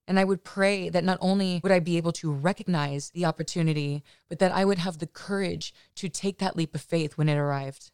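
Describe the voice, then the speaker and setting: A woman's voice: fairly low pitch, a little fast, hardly any pauses, a little mellow, clear, resonant tone, dry recording, studio quality. A woman podcast host telling a personal story in a candid, chatty way, often adding "you know" asides.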